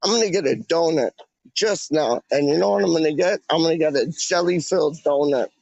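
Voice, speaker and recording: Gravelly young man with slang. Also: a little high, brisk, a little mellow, dry recording, dull audio. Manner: slangy, rambling, drops fillers like "man" and "dog". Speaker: streamer. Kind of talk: casual street livestream.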